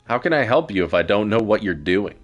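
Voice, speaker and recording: A man's voice: on the low side, very animated, a little fast, lo-fi sound. A man voicing a teasing, all-knowing star being with a playful, smug way of talking.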